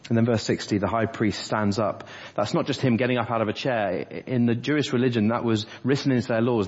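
A man's voice: mid-range voice, a little mellow, breathy edge. A man preaching an earnest sermon in a church, walking through scripture verse by verse. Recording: dull lo-fi church audio with long reverb.

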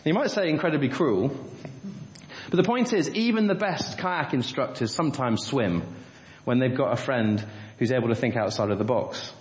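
A man preaches in a church, moving from a lively story to earnest rhetorical questions. His voice echoes around the room, and the recording is muffled and dull. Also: medium pitch, moderate pace. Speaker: pastor. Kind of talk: sermon.

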